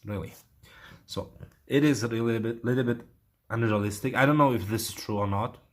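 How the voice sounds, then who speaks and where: A man's voice: medium pitch, a little fast. A man with an Uzbek accent, teaching IELTS writing and thinking aloud with many fillers as he corrects an essay.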